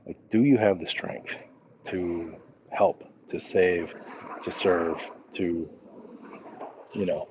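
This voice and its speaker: Casting: relaxed middle-aged male streamer, low mellow voice, slightly dull phone audio, outdoor night ambience. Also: slight background noise. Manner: laid-back, chuckling, drawn-out phrasing. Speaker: livestream host. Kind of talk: casual livestream chat, reading comments aloud. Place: outdoors at night, crickets around.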